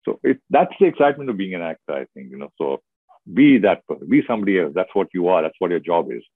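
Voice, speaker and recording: A man's voice: low voice, quick pace, slightly rough, no room sound. Middle-aged Indian man, tinny phone-like sound. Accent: Indian English. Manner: expressive, storytelling, lively asides. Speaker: actor guest. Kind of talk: casual interview chat.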